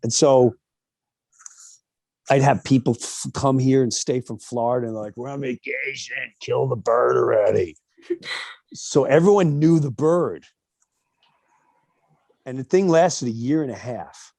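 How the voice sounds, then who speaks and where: A middle-aged man telling personal stories as an interview guest, animated and acting out other people's voices with big jumps in pitch. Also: unhurried, pauses often, no echo.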